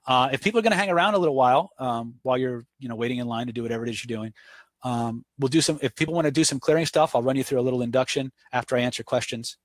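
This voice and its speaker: A man with a husky voice leads a live online class, answering questions as they come in. He drifts easily into anecdotes to make his points. His voice sounds dry and close, with no room around it. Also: medium pitch, racing, no room sound. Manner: answers viewer questions off the cuff. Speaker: webinar instructor. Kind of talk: live webinar teaching and Q&A.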